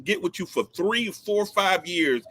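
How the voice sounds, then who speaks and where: A man co-hosting a casual chat, excitable and teasing. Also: high-pitched, a little slow. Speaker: co-host.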